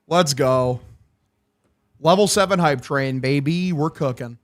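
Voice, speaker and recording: A young man streaming a game watch-along, calling the plays and excitedly thanking his chat, swearing freely. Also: a little high, a little slow. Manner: hyped, profane, thanking chat. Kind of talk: live watch-along play-by-play.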